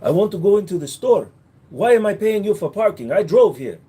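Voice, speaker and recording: A man's voice: sits high, very animated, brisk, mellow, breathy edge, heavily acted. A man voicing a pushy male shopkeeper with a put-on Arab accent who haggles in indignant questions.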